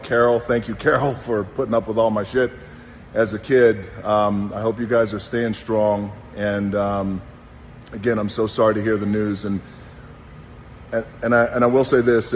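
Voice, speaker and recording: A middle-aged man speaks in an earnest, deliberate tribute, his fairly low voice pausing often. The sound trails off in a long reverb, with a faint hiss of background noise underneath. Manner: earnest, slow and deliberate with pauses. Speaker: former pro wrestler giving a tribute message. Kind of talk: heartfelt personal tribute, casual speech.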